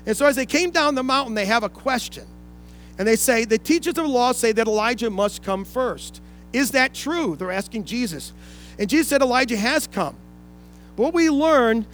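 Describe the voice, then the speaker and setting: Man pastor, high voice, earnest sermon delivery, faint music underneath. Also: a bit bright. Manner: earnest preaching, reading scripture aloud.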